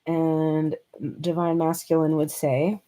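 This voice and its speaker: A woman giving a channeled tarot reading, talking casually and thinking aloud, with excitable bursts of emphasis. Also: low voice, slow. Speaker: tarot reader.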